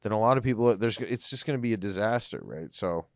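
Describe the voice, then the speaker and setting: A man's voice: fairly low pitch, lively intonation, quick pace, no echo, clean studio sound. A young man, a comedian chatting casually on a podcast, joking and laughing often, with many restarts. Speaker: comedian guest.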